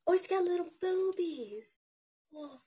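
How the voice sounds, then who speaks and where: High-voiced gushing woman unboxing gifts. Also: measured pace. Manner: gushing, excitable, gasps and giggles. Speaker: vlogger opening gifts. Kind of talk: unboxing vlog.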